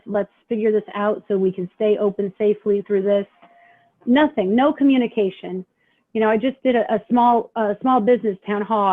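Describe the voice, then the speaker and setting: Pub owner from Indiana, tinny line. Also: female voice, medium pitch. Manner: halting, with many fillers and restarts. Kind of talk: emotional personal testimony at a town hall. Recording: tinny phone-line sound.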